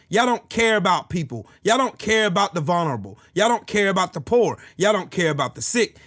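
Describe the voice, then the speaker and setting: High-voiced man ranting angrily. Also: fairly bright tone, no room sound, clean studio sound. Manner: profane, heated, repetitive ranting; answers chat comments. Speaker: livestream host. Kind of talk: angry political livestream rant.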